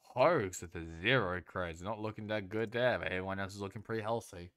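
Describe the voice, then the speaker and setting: Excitable man ranting over a match. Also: lowish voice, brisk. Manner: excitable, swings into loud exasperated rants; swears when frustrated. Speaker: streamer watching a match. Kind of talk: live watch-along commentary.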